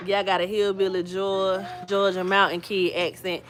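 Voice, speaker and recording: A woman's voice: medium pitch, little pitch movement, normal speed, few pauses. A woman from New Jersey chatting casually with viewers on a livestream, telling stories and greeting people by name. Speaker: vlogger hosting a livestream.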